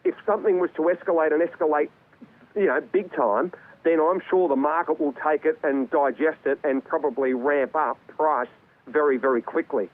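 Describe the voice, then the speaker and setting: A man's voice: a little high, moderate pace. A man giving live market commentary as a guest over a remote link, conversational with many fillers and repeated words. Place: remote link from another city. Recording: tinny phone-like remote line.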